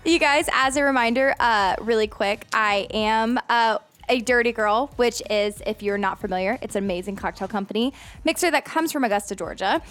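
Chatty woman co-host, higher voice. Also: moderate pace, a bit bright, faint music behind. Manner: chatty, self-deprecating. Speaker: podcast co-host. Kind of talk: casual chat. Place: podcast studio.

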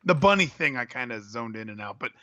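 Guy with a bright, forward voice, rambly and open, dry close sound. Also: medium pitch, expressive, fast, dry recording. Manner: candid, sentimental and rambling. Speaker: podcast co-host. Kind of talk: casual wrestling chat.

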